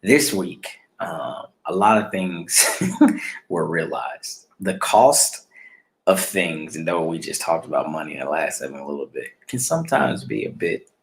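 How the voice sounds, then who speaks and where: A man hosting a podcast, chatting in an animated storytelling way and swearing freely. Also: extremely low pitch, a little slow, rough recording. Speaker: podcast host. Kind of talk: casual chat. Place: studio.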